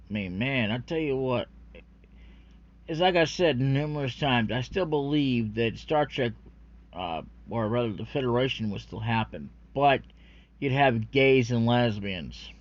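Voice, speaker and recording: Rambling, profane male vlogger. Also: mid-range voice. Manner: profane, rambling, full of fillers and restarts. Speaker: anime commentary vlogger. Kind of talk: rambling unscripted rant. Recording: dull lo-fi recording.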